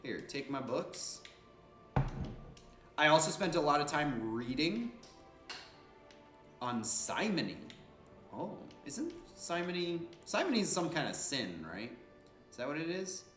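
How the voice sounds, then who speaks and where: A man's voice: fairly high pitch, measured pace, pauses often, roomy sound, soft background music. A man giving casual, joking, slangy gameplay commentary as a streamer. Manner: animated, joking, slangy and profane.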